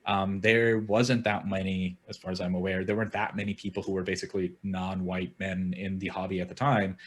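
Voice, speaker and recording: Husky low-voiced male podcast host. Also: flat delivery, fairly quick, a bit bright. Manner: earnest, thinks aloud with frequent restarts. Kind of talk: casual panel discussion.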